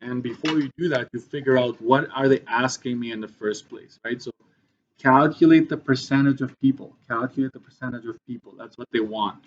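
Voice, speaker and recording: A man's voice: mid-range voice, lo-fi sound, slight background noise. A man teaching a math lesson step by step, often checking in with "right?" as he works through the numbers. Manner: talks through steps, frequent "right?" checks.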